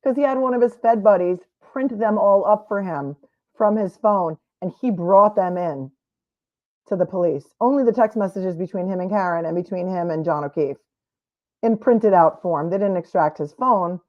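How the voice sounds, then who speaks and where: A woman's voice: medium pitch, normal speed, lo-fi sound. Sarcastic woman commentating a trial. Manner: sarcastic, skeptical asides. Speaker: legal commentator streaming a trial. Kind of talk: live commentary over trial footage.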